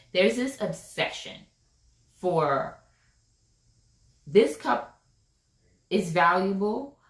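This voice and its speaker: A woman giving a casual tarot reading, chatty and emphatic, repeating her phrases and often checking in with "right?". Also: mid-range voice. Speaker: tarot reader. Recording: echoey room.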